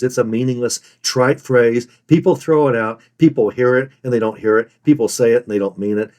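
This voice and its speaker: A man's voice: mid-range voice, expressive, a little fast, hardly any pauses, a little mellow. A man teaching fellow online resellers in an earnest, emphatic way, stressing and repeating his main points. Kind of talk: instructional talk.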